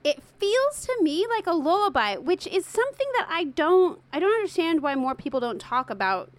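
A woman hosting a casual chat about art songs, playful and quick to laugh. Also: very high-pitched, sing-song, dry recording. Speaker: podcast host. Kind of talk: casual music discussion.

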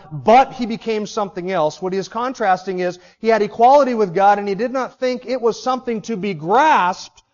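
A man's voice: high-pitched, dull audio. A man preaching an expository sermon as pastor, teaching emphatically through rhetorical questions.

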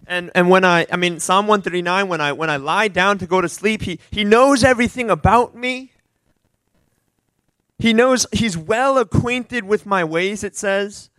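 Earnest high-voiced man sharing at church. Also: moderate pace, no room sound, low-quality recording. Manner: earnest, animated, rambling with restarts. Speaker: church member giving a testimony. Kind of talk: informal sermon sharing.

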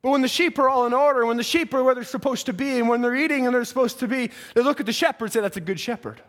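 A man preaching a folksy sermon in church, building from a conversational tone to fervent, near-shouted exhortation. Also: extremely high pitch, fairly even intonation, very fast.

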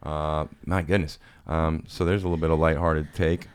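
A man's voice: rumbling low, little pitch movement, normal speed, slight background noise. A man hosting a podcast, telling a rambling, profane, self-mocking story in casual chat. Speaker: podcast host.

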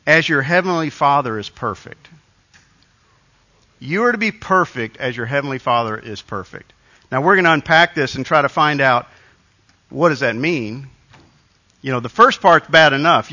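A man's voice: fairly high pitch, sharp tone, muffled recording. A man preaching a conversational sermon as a pastor, telling stories with asides and restarts. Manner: conversational, self-deprecating storytelling with restarts.

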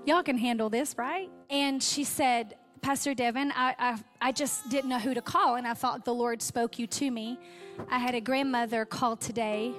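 A woman giving a heartfelt sermon testimony, her voice catching with emotion as she tells her story. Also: a little high.

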